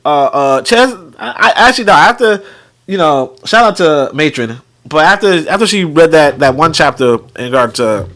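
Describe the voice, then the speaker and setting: A young man hosting a show, reading from a book and breaking off into excitable, profanity-heavy commentary with frequent laughter. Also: fairly high pitch, normal speed. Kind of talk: animated casual commentary.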